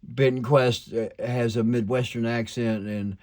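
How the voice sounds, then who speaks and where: A man's voice: medium pitch, steady tone, unhurried, a little mellow. An older man with a slight twang, rambling casually at home about his hobbies, full of fillers and restarts. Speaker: toy collector vlogger.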